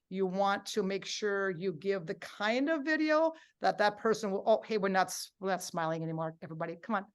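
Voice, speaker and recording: A middle-aged woman presenting a live workshop, upbeat and coaxing her audience to join in, acting out quotes with lively voices. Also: mid-range voice.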